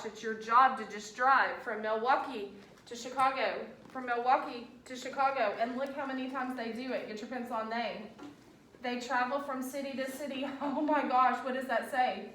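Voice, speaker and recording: Lady teacher quizzing kids, kinda high voice, echoey room, picked up from far off. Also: a little hiss or hum. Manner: animated, coaxing, quizzing students with questions. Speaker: elementary school teacher. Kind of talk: classroom teaching. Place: classroom, indoors.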